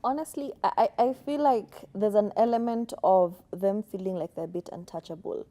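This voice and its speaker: Mellow-voiced woman panelist. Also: mid-range voice, animated, normal speed. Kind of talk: studio talk show discussion.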